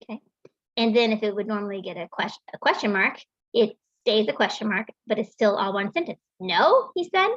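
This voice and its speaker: A woman's voice: mid-range voice, a little fast, no echo. A woman teaching a writing lesson, explaining patiently with frequent ums and restarts. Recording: dull, lo-fi sound in a dry room.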